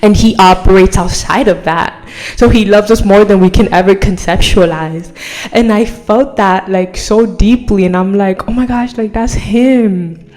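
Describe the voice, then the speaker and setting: A woman's voice: mid-range voice, normal speed, a little mellow. A young woman talking casually and earnestly to her viewers, rambling with many fillers as she shares a personal testimony, at times emotional. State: emotional, near tears at times. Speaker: vlogger.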